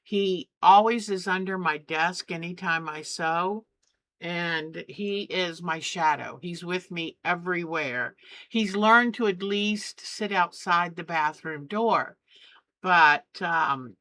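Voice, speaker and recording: A woman's voice: fairly low pitch, slow, sharp tone, no echo. A middle-aged woman hosting a quilting channel, chatting and gushing as she shows family photos. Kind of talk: casual chat while showing photos.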